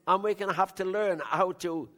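An older man preaching a sermon in a conversational way, bantering with the congregation, with big swings in loudness. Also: sits high, moderate pace. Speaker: pastor.

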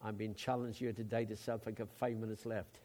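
Emphatic older Welsh preacher. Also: male voice, fairly low pitch, flat delivery, fairly quick. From Wales. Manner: emphatic, swings between loud outbursts and quiet asides. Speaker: pastor. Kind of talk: sermon.

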